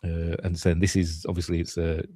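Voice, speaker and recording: A man's voice: low voice, monotone, fairly quick, warm tone, no room sound, studio quality. A man with a Yorkshire accent giving a rambling, chatty running commentary over a film as host, full of loose asides and chuckles. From Yorkshire, England.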